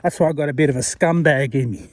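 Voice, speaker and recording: A man's voice: a little high, quick pace, a little mellow, no echo. Rambling Australian man chatting on a walk. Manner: rambling, chatty, self-deprecating, addresses viewer directly. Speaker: vlogger. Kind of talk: casual walking vlog talk. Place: outdoors walking along a road.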